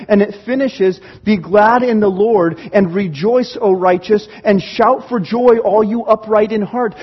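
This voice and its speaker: A man preaching a sermon in church, telling stories with animated, excited reactions. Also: sits high, slightly rough, dull audio. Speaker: pastor. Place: church sanctuary.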